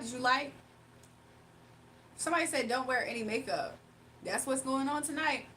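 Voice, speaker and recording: A woman's voice: sits high, fairly bright tone, slight background noise. Sassy woman on a livestream. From Virginia, United States. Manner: playful, sassy, laughs often. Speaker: livestream host. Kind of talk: casual livestream chat reading comments.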